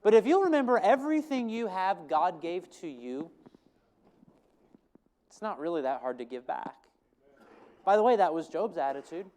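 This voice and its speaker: Man, pastor, sermon, earnest, repeats for emphasis, smooth resonant voice. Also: sits high, expressive, normal speed, long pauses, a little mellow.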